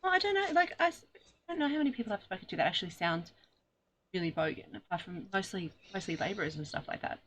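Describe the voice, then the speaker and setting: An Australian woman in casual comedic chat, mid-pitched and loose, wandering through silly bits and trailing off. A faint hiss sits under her voice. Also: animated, fast talker, fairly bright tone. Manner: rambling, joking, trailing off. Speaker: podcast co-host.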